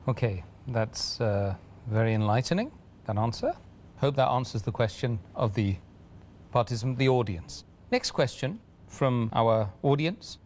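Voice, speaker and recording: A man's voice: mid-range voice, darkish tone. Male tv host reading viewer questions, polite, little hum behind. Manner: polite, reads audience questions aloud. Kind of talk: interview hosting.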